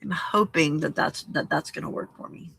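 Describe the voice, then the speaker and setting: A woman hosting a journaling and crafting challenge, talking to viewers in a gentle, encouraging, reflective way and often checking in with "okay?". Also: low-pitched, normal speed, creaky, breathy edge. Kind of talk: reflective casual talk to viewers.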